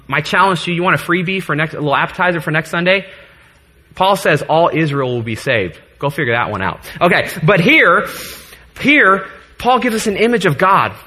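A man's voice: high-pitched, pushed and bright, breathy edge. A man in his thirties preaching a sermon to his congregation in a church, earnest, joking at times and getting choked up. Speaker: pastor.

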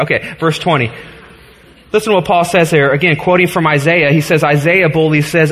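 A man's voice: a little high, fast talker, fairly bright tone, breathy edge. A man in his thirties preaching a sermon to his congregation in a church, earnest, joking at times and getting choked up. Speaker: pastor.

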